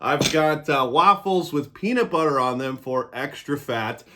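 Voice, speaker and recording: A man's voice: on the high side, animated, measured pace, background noise. A man hosting his own review vlog, talking casually and joking as he eats. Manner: joking, irreverent. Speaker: cannabis reviewer.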